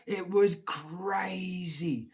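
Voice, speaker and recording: A man's voice: sits high, very slow, slightly rough. A middle-aged Scottish man telling his own childhood stories in a rambling, swearing, chuckling way. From Scotland. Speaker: storyteller. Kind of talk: casual personal storytelling.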